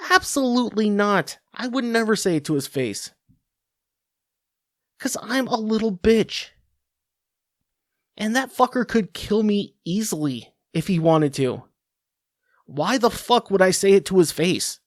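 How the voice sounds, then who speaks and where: A man's voice: sits high, animated, measured pace, long pauses, no echo, clean studio sound. A man hosting a sports podcast, delivering a crude, sarcastic rant from his home office into a computer mic. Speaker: podcast host.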